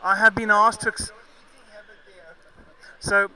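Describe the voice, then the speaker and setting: A man from Zambia with a mixed southern African and English accent commentates live cricket in a chatty, joking way. His voice sits high and rings very bright. He fixes his own slips as he goes. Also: flat delivery, takes it slowly, clean tone, low-quality recording. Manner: chatty, jokey, self-correcting.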